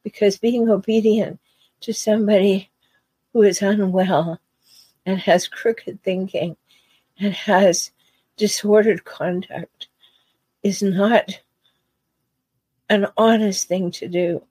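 A woman talks through relationship advice slowly and deliberately, pausing between phrases and stressing key words. Her voice is mellow and a little husky. The recording is close and dry, with no room sound. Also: mid-range voice, steady tone, no echo, poor audio. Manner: earnest, emphatic, repeats key phrases; unhurried with deliberate pauses. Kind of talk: solo advice talk.

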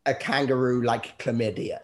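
A man's voice: mid-range voice, little pitch movement, moderate pace. A man hosting a comedy podcast in casual chat, playful and often laughing. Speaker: podcast host.

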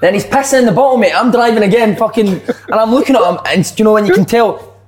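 A man's voice: high voice, fast, a crowd in the background. A young man with a Scottish accent, co-hosting a podcast and telling a rude, sweary story between laughs. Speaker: podcast co-host. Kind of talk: casual banter.

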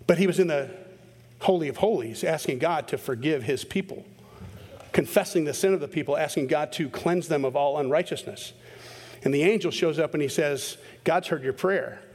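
A man preaching a sermon as pastor, animated and self-interrupting, jumping into sudden high bursts when acting out quotes. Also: brisk, in a large hall.

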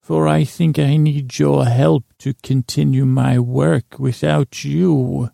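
A man's voice: mid-range voice, fairly even intonation, slow, creaky, dark tone, dry recording, clean studio sound. A man voicing a manipulative female vine spirit, coaxing in a silky, wheedling way. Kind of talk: improvised comedy voice acting.

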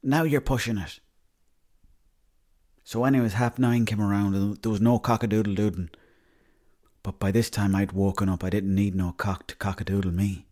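A young Irishman with a fairly low voice rambles through a comic monologue. He keeps it deadpan and throws in plenty of swearing. His tone stays warm and mellow. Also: moderate pace, long pauses. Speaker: comedy monologuist.

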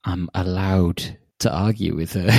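A man with a low voice talks in quick, teasing back-and-forth banter, blunt in his opinions. The sound is dry and close, with no room around it. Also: steady tone, creaky, no room sound. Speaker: podcast co-host. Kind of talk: casual chat.

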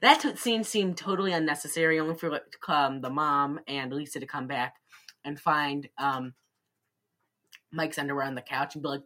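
A woman's voice: sits low, normal speed. A woman co-hosting a casual chat, animatedly retelling a movie and acting out lines with giggles. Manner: animated, giggly, acts out quotes. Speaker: podcast co-host.

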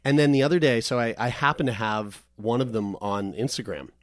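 A man's voice: mid-range voice, fairly quick, no echo, studio quality. A man co-hosting a podcast, reading listener emails aloud in a casual, self-mocking way with lots of swearing and laughter. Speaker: podcast co-host.

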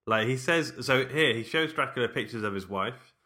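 A man's voice: medium pitch, animated, moderate pace, bright, forceful tone. A man chatting casually about a film, laughing often and restarting his sentences.

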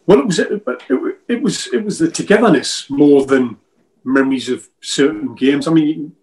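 A man, talking in a loose, rambling way. He jokes around and circles back over his own words while recalling old times, his voice sitting a little high. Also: animated, normal speed, darkish tone, poor audio. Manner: rambling, joking, repeats himself. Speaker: former footballer guest. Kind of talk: casual interview chat.

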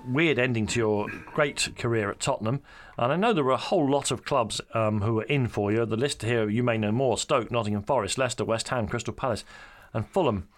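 A man's voice: mid-range voice, brisk, hardly any pauses. A man hosting an interview, asking questions hesitantly with frequent ums and restarts. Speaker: interviewer host.

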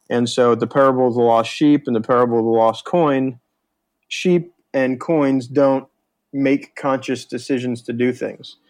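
A man's voice: mid-range voice, darkish tone. A man with a Northern US accent, a guest explaining his thoughts in a casual, thoughtful way with hesitant fillers. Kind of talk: casual chat.

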